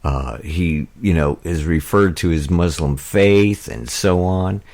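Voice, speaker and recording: Deep-voiced indignant American talk radio host. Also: male voice, slow pace, darkish tone. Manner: rambling, indignant, many fillers and restarts. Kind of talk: political talk radio monologue.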